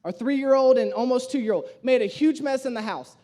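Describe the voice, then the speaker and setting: A young man pastor preaching a sermon, telling a family story in an animated way and repeating key phrases for emphasis. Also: very high voice, moderate pace. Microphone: streamed sermon.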